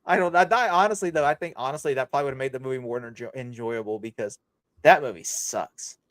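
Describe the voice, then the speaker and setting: Fast-talking young man, dry close sound. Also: mid-range voice, a bit bright, dry recording. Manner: fast, rambling, swears freely. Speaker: podcast host. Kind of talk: casual chat.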